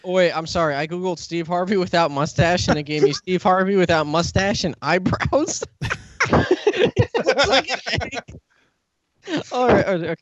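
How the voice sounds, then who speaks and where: A man's voice: high voice, animated, moderate pace, pauses often, dry recording. A man co-hosting a casual comedy podcast, making wry jokes and laughing a lot, on a slightly dull lo-fi recording. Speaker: podcast co-host.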